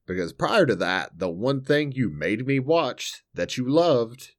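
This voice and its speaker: Animated American man podcaster. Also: mid-range voice, measured pace. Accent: American English. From United States. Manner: sweary, animated storytelling. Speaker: podcast co-host. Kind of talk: casual chat.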